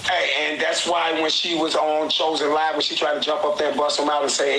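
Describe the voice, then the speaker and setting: A man telling a story on a livestream, excitable and profane, often acting out what others said. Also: a little high, a little fast, a crowd in the background. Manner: excitable, profane, acts out quotes. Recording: echoey room with faint noise.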